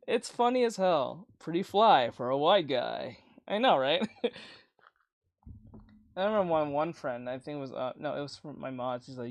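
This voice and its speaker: A man's voice: fairly high pitch, expressive, unhurried, gravelly, long pauses, dry recording. A young man with a boyish, youthful-sounding voice chatting casually on a livestream, rambling, laughing often and swearing freely.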